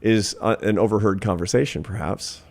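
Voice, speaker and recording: Brief: man, 50s, low voice, interview guest, reflective storyteller who lands his points with force. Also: steady tone, brisk, gravelly, darkish tone. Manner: earnest, reflective, builds to emphatic points. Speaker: guest, social scientist.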